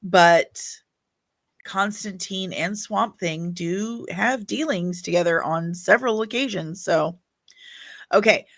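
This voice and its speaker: A woman's voice: fairly low pitch, takes it slowly. A woman hosting a casual livestream, chatty and opinionated as she reacts to viewer comments. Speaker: livestream host reading chat.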